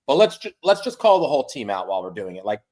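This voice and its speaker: A man's voice: mid-range voice, big pitch swings, fast, darkish tone. A man co-hosting a sports podcast, rambling with lots of "like" and swearing as he criticizes the team. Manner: rambling, filler-heavy, profane. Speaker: podcast co-host. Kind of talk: casual sports chat.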